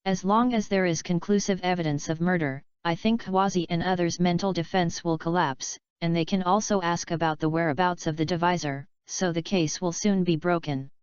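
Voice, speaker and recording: A woman reading as a calm, polite young detective. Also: on the low side, normal speed, few pauses, smooth, dry recording, muffled recording, natural voice.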